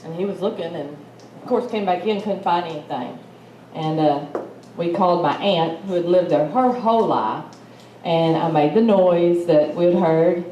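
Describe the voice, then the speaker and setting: A middle-aged woman with an East Texas accent tells a personal story in a chatty, folksy way, her voice low-set and mellow. She is speaking into a roomy hall with a little noise behind her. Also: moderate pace, lo-fi sound. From Malta, Texas. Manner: chatty, folksy, laughs while telling. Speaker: symposium speaker. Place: conference hall.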